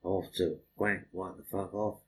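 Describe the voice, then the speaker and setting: Low, flat-voiced man. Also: unhurried, rough recording. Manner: crude, profane stream of consciousness. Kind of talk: rambling spoken monologue.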